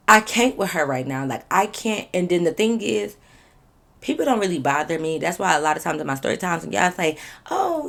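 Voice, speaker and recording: A woman telling a storytime vlog to her viewers in a blunt, animated way, swearing freely and repeating phrases for emphasis. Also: fairly low pitch, creaky. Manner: talks straight to viewers, asking them questions.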